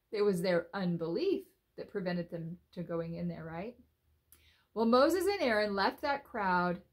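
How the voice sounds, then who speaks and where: With a mid-range voice, a woman tells children a Bible story, animated and expressive, frequently asking her listeners questions.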